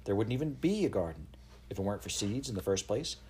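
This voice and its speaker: A man's voice: on the low side, sing-song, fast, warm tone, husky. A man reading a children's novel aloud, expressively giving voice to each child's lines. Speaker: audiobook narrator. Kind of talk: storybook read-aloud.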